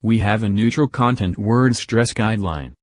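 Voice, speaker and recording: Male teacher, lowish voice, deliberate lesson narration, dry recording. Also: no echo. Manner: slow, deliberate word-by-word emphasis on examples. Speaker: English teacher.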